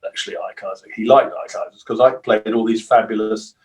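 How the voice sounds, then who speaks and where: An older man, a guitarist, telling long, rambling stories in a relaxed interview and acting out the voices of people he quotes. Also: fairly low pitch, fairly quick. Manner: rambling storyteller who acts out quoted voices. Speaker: guitarist guest.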